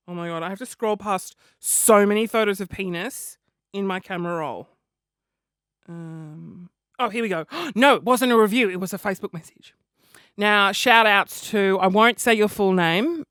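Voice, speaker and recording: A man's voice: high-pitched, animated, moderate pace, sharp tone, smooth, no room sound, studio quality. Camp, chatty man. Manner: camp, self-deprecating and chatty. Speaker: podcast host. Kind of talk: comedic podcast monologue.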